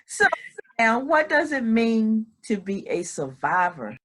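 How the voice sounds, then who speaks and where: A woman's voice: a little high, big pitch swings, slow. A woman hosting an interview, asking questions with short prompts and encouraging murmurs. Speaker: interview host.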